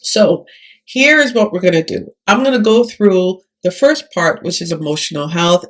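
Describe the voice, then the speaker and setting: A woman tutoring occupational therapists in a video lesson, speaking calmly and often checking in with "all right?". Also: fairly low pitch.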